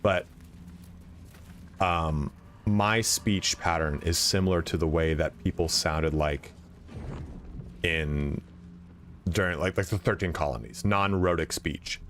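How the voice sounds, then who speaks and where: Deep-voiced man rambling casually. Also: slow pace, pauses often, a bit bright, a little hiss or hum. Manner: rambling, profane, lots of fillers and restarts. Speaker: game streamer. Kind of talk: casual chat while playing. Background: faint game music.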